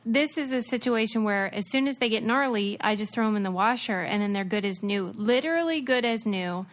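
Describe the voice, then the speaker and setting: Upbeat woman reading a sponsor spot. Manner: brisk, enthusiastic pitching. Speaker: podcast co-host. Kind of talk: casual chat and host-read ad.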